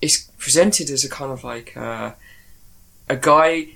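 A man in casual podcast chat, animated and laughing as he tells stories. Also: mid-range voice, measured pace, vocal fry.

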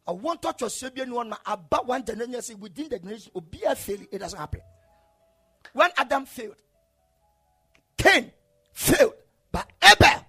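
Impassioned high-voiced male preacher. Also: vocal fry, husky. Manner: impassioned, swings from shouting to low murmurs. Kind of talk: sermon.

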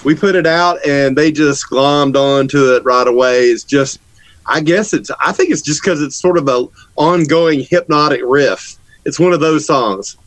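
A man from Georgia talks as a guest musician in a relaxed interview. His voice sits a little high for a man and is recorded close and dry. He jokes around and laughs easily. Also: normal speed, no room sound, rough recording. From Georgia, USA. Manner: joking, laughs often. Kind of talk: casual interview chat.

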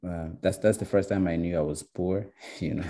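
A young man from Rwanda telling his story in a casual, halting way, with many restarts and fillers. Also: sits low, mellow. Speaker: guest.

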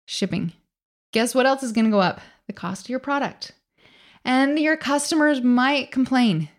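A woman's voice: sits high, moderate pace. A middle-aged woman hosting a motivational business podcast, talking in an upbeat, emphatic coaching way with lots of rhetorical questions. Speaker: podcast host.

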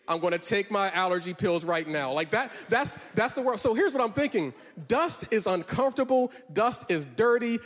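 A man's voice: sits high, expressive, normal speed, hardly any pauses, a bit bright. A male pastor preaching a sermon, rising into a sing-song cadence and drawing out words. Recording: long hall reverb.

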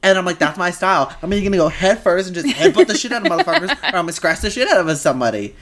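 A woman co-hosting a podcast in casual chat, blunt and profane, breaking into loud laughing shouts. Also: lowish voice, sing-song, rapid-fire. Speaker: podcast co-host.

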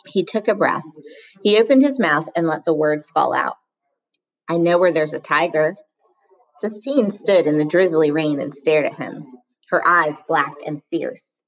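A woman with a fairly low voice reading a children's novel aloud. Her audiobook narration is measured and steady. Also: low-quality recording. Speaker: reader.

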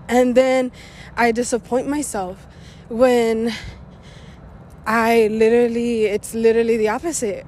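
A young woman with a fairly high voice hosts her own podcast talk show over slight background noise. In a casual personal monologue she rambles candidly and swears freely, a little out of breath after a run.

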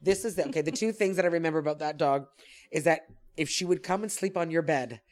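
A woman guest in casual chat, telling lively stories, laughing often and acting out voices from her memories. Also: low-pitched, quick pace. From small town in an Italian American family. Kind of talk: casual chat, animated storytelling.

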